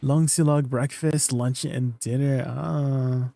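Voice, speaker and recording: A man's voice: mid-range voice, fairly even intonation, takes it slowly, vocal fry, mellow. A young man from Canada with a Canadian accent, chatting casually and playfully with his viewers during a live gaming stream, asking them questions. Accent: Canadian English.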